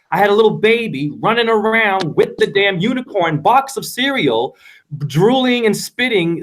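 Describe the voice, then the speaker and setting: A man in a casual panel discussion, speaking fervently and emphatically, often repeating himself. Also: sits high. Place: runs a dance studio.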